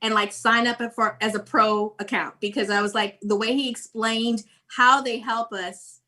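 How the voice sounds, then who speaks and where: A woman's voice: fairly high pitch, steady tone, moderate pace, pushed and bright. A middle-aged woman hosting a virtual conference live-stream with giveaways, talking in an effusive way and laughing often.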